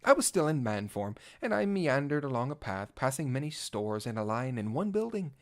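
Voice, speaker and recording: A man's voice: medium pitch, very animated, moderate pace. A man playing a vain, theatrical cat-knight bard. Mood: storytelling. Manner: flowery old-fashioned speech; theatrical, swinging from pompous to flustered. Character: vain gallant male cat-knight bard, grandly dramatic. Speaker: narrator. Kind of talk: first-person fan audio drama reading.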